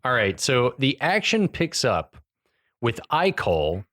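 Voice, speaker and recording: A man's voice: mid-range voice, wildly swooping pitch, takes it slowly, fairly bright tone. A man co-hosting a podcast, casually recapping a film's plot scene by scene with dry asides. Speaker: podcast co-host. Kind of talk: casual movie recap chat.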